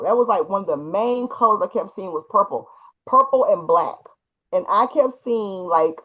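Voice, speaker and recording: A man's voice: sits high, pushed and bright, muffled recording. A man co-hosting a podcast, telling a story in a casual chat and laughing his way through it. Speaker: podcast co-host.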